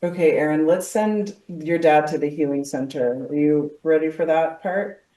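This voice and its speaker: A woman tapping coach, calmly directing and leading a guided visualization. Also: deep voice, moderate pace. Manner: calm, directive, guiding visualization. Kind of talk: guided healing session. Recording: roomy echo, distant from mic.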